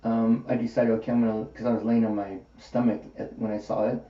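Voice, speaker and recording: Male host, casual anecdote teller, acts out quotes; mellow tone, distant mic, dull and roomy. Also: lowish voice, fast. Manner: animated, acts out quoted dialogue. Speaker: podcast host. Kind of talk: casual storytelling in conversation.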